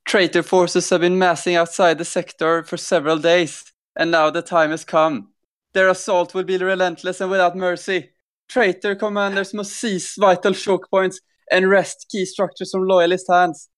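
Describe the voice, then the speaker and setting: Swedish man hamming up a broad mock-Norwegian narrator, raised pitch, smooth voice, grave and declaiming. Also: little pitch movement, moderate pace, close to an everyday voice. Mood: solemn. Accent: put-on Norwegian accent. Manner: dramatic, declaiming. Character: mock-Norwegian man reading grim war briefing.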